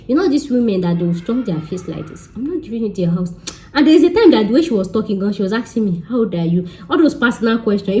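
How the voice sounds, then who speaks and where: A young Nigerian woman vlogger with a medium-pitched voice and a Nigerian accent tells her viewers a story. She's lively and joking, mixing Pidgin and Yoruba into her English as she chats casually.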